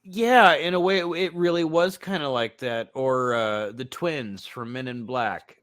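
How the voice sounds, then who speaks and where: Man co-host, easygoing podcast talk, quick to laugh, acts out quotes. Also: medium pitch, no room sound. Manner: laughing, animated retelling. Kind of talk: casual chat.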